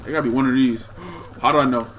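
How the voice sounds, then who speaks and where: A young man casually commenting on his own gameplay, excitable and trash-talking the other players. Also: mid-range voice, fast talker, a little hiss or hum. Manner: excitable, talks to himself and chat, trash-talks players. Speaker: gaming streamer.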